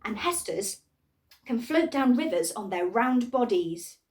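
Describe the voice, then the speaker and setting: A woman's voice: very animated, unhurried, a little mellow. A woman voicing a small, shy, bluish-grey creature who is unsure of herself, speaking hesitantly in a storybook reading. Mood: earnest. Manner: hesitant, timid, high.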